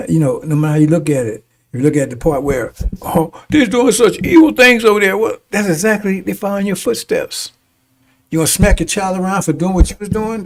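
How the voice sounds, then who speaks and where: A man's voice: on the high side, a little mellow, distant mic. A man preaching to a congregation in a rambling commentary, stumbling over and repeating words, chuckling between points and often asking "see?". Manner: chuckles between points, turns emphatic at times. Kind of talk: rambling sermon-style commentary.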